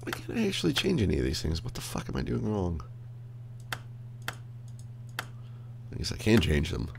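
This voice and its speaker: Man, very low voice, lively swinging pitch, casual rambling game commentary, swears a lot, at a computer desk. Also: moderate pace, creaky, slight background noise. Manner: rambling, swears freely, talks to himself. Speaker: streamer playing a game. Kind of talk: casual live gameplay commentary.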